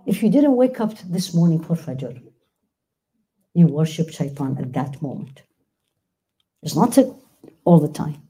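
A woman's voice: low voice, very animated, measured pace, pauses often, warm tone, breathy edge. A woman teaching a religious class, emphatic, questioning her listeners and reciting verses. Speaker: Quran teacher.

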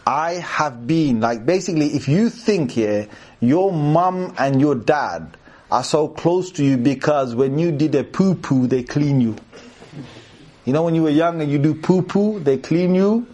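A man giving a sermon to a live audience, animated and joking, asking the crowd questions and reciting verses in Arabic. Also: on the high side, unhurried. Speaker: preacher.

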